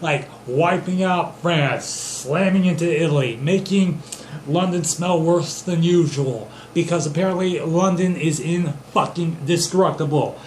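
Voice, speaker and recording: A man's voice: fairly high pitch, measured pace, a little mellow, echoey room, a little hiss or hum. A young man improvising an absurd, profane comedic story, rambling and loosely voicing the characters he quotes.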